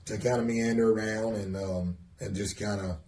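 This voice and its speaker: A man with a Southern US accent, from the Mississippi coast, talking as a pastor in a casual interview, relaxed and hesitant with many fillers. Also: lowish voice, moderate pace. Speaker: pastor, guest.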